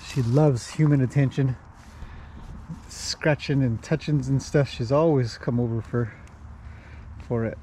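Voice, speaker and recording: A man's voice: medium pitch, steady tone, a little slow, long pauses, dark tone, a little hiss or hum. A man chatting casually in a vlog while walking outdoors among his horses, greeting them in a lifted, sing-song voice. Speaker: horse trainer and owner. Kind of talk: casual walk-and-talk vlog.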